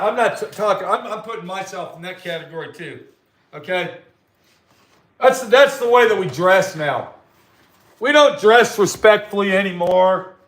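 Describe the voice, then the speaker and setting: Bright and high, the voice belongs to an older man hosting a live stream from his workshop. He's in the middle of an angry, foul-mouthed rant, shooting back at what his viewers write.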